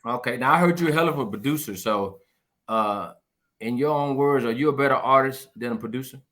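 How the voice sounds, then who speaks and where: A man with a Southern US accent hosting a casual interview and asking relaxed questions with short replies. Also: medium pitch, fairly quick. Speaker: interview host.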